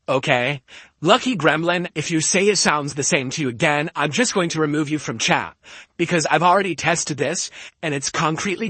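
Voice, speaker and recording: An emphatic man on a home stream who argues his point and keeps checking in with "okay?". His voice sits a little high for a man. He talks right into a close podcast mic, with a dry, roomless sound. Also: bright, forceful tone, breathy edge, dry recording. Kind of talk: casual stream talk. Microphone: studio podcast mic close up.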